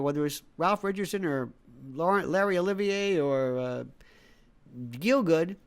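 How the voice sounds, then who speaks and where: A man's voice: a little high, a little slow, smooth. A man delivering a sarcastic, theatrical political commentary rant, rattling off long lists of names.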